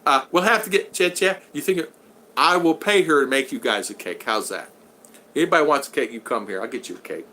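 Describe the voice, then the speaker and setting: A man's voice: mid-range voice, animated, brisk, pushed and bright. A middle-aged man hosting a casual live stream, chatty, laughing often and thanking viewers over and over. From Florida. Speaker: live stream host reading super chats.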